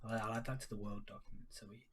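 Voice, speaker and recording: Speaking quickly in a lowish, steady, somewhat bright voice, this man talks through his solo tabletop RPG during a live stream. His delivery is relaxed and unsure, full of ums, and he keeps addressing the chat.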